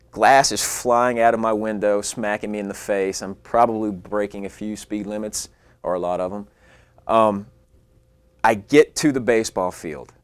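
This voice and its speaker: A young man, an actor, telling a fast, animated story about himself in a casual way. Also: lowish voice, no echo, clean studio sound. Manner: animated, acts out his own lines in a rising voice. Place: California.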